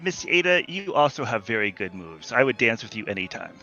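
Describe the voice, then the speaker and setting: Joueur animé au son étouffé. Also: male voice, medium pitch, very animated, fairly quick, pushed and bright, dull audio. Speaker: player. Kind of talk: tabletop role-play.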